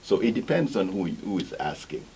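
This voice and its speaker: A man from Africa answering interview questions, talking in halting bursts with frequent restarts and tagging his points with "right?". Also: sits low, big pitch swings, vocal fry, a little mellow, a little hiss or hum. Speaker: interview guest.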